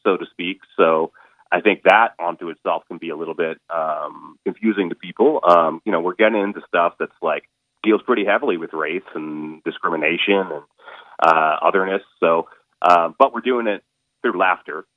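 A man with a very low voice talks over a narrow, tinny phone line, and the sound is dry and close. He speaks casually and haltingly, filling his pauses with ums and restarting his sentences as he explains his stage show. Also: dry recording. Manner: halting, lots of fillers and restarts. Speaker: stage performer interviewed as a guest.

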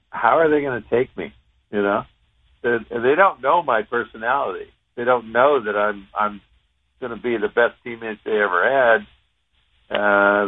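A man, a former pro hockey player, telling a long anecdote in a relaxed, rambling way, with some salty language. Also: lowish voice. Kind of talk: casual anecdotal storytelling. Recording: tinny phone-line sound.

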